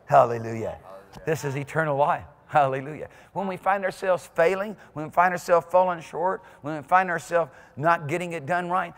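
A male pastor preaching a sermon in a church, swinging from quiet asides to whoops and shouts. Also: a little high, normal speed. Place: church sanctuary. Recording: long hall reverb in a church.

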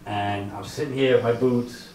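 A man's voice: mid-range voice, steady tone, crowd noise. Man, telling his story in an echoey room. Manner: conversational, halting with fillers, acts out his own thoughts. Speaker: author and fisherman telling his survival story. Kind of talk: live author talk, storytelling. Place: library event room. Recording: echoey room, distant mic.

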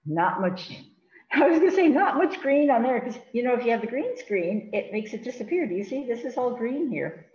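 A woman's voice: fairly high pitch, very animated, normal speed, darkish tone. A woman, a children's librarian, reading picture books aloud to kids and chatting as she handles the pages. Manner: chatty, sing-song, fussing with the book on camera. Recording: roomy, dull lo-fi with faint hiss.

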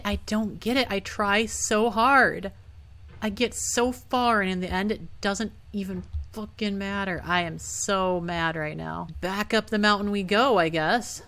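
A woman's voice: medium pitch, fairly even intonation, a little slow, a bit bright. A young woman playing a hard computer game and talking casually through it, often frustrated and swearing. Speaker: gaming YouTuber. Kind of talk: casual let's-play commentary.

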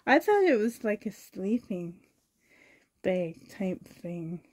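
A woman's voice: medium pitch, sing-song, slow pace, a little mellow, slightly rough, rough recording. A woman with a Canadian accent, chatting casually while unboxing, gushing, giggly and rambling. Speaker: reborn doll vlogger.

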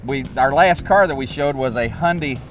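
A man's voice: medium pitch, normal speed, fairly bright tone, distant mic, slight background noise. A man hosting a car dealership show, bantering in a folksy, joking, salesy way. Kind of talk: casual promotional banter.

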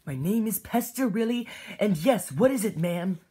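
A woman voicing a male bird pastor, preaching slowly and solemnly in a mock sermon. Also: mid-range voice, expressive, mellow, husky.

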